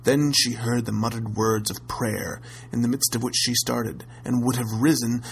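A man narrating a classic tale aloud in a measured, steady storytelling manner. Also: medium pitch, gravelly, breathy edge, poor audio. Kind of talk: audiobook reading of a classic tale.

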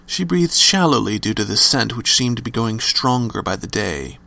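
A man's voice: medium pitch, very animated, moderate pace, gravelly, pushed and bright. A man narrating a scripted horror story with dramatic, varied emphasis.

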